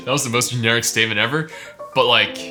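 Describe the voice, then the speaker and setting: A man, a pianist, gives casual, enthusiastic reaction commentary on a performance, full of fillers and excited outbursts. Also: medium pitch, quick pace. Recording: piano music playing behind.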